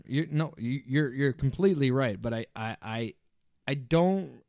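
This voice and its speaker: A man's voice: mid-range voice, animated, a little slow, a little mellow, dry recording, clean studio sound. A male podcast co-host in casual chat, sounding stuffed up and nasal, talking with lots of hesitant restarts.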